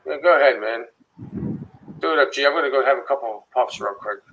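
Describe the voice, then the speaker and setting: A man's voice: mid-range voice, a little fast, muffled recording, slight background noise. Loose, profane livestream co-host man. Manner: loose, profane, greets viewers by name. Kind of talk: casual livestream chat.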